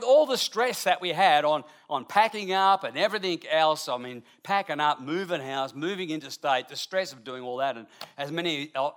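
A middle-aged man, telling a lively, chatty anecdote to an audience with asides along the way. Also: on the high side. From Australia. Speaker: storyteller.

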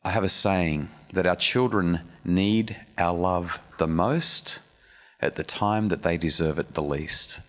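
A man with a low voice preaches a sermon in a church hall, speaking slowly with a fairly bright tone. He is earnest and conversational, restarting sentences and making asides to the audience as he gives his church message. The hall's long reverb surrounds his words.

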